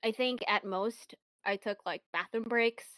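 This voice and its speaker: A woman's voice: a little high, unhurried, no room sound. Young woman chatting candidly, dry sound. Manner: relaxed, candid, uses many fillers. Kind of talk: casual chat.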